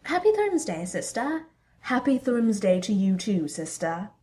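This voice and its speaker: A woman's voice: fairly high pitch, sing-song, normal speed. A woman voicing a cheerful, coy female villainess in a storybook reading. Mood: teasing. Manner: bright, playful and coy.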